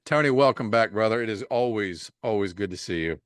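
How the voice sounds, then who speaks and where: A man's voice: lowish voice, lively intonation, a little fast, smooth, no echo, clean studio sound. A man hosting a podcast in casual conversation, teasing his guest with friendly, profane banter. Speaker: podcast host.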